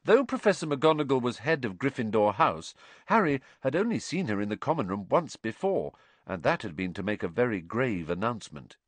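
A middle-aged man narrating an audiobook in a measured, expressive way. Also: mid-range voice, no echo. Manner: expressive, measured, varied intonation.

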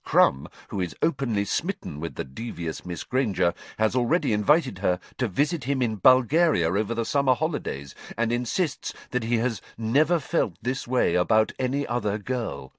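A man narrating a story in an expressive, measured way. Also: fairly low pitch, dry recording. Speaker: audiobook narrator.

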